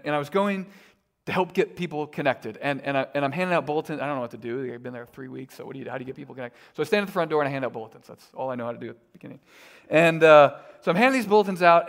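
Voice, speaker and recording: A man's voice: a little high, fairly bright tone. A middle-aged man preaching a sermon as a pastor, conversational and self-deprecating, with frequent fillers.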